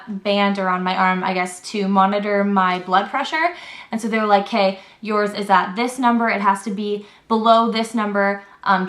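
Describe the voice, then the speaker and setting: A woman's voice: medium pitch, fairly bright tone. A young woman telling a story in a casual vlog, chatty and full of "like", acting out what everyone said. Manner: chatty retelling, heavy on "like" and "I was like", acts out quotes. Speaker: vlogger. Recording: roomy echo.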